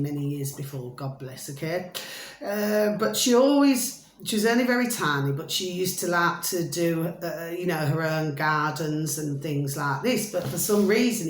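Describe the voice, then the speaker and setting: A woman's voice: deep voice, slight background noise. Rambling woman in an echoey room. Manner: chatty, repetitive, keeps checking in with listeners. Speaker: vlogger. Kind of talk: rambling storytelling to viewers. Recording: roomy echo, faint ambience.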